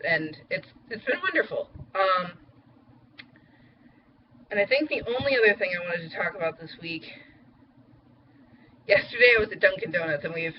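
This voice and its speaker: A woman's voice: on the low side, lo-fi sound, a little hiss or hum. A young woman chatting casually in a vlog update, rambling with lots of fillers. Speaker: vlogger.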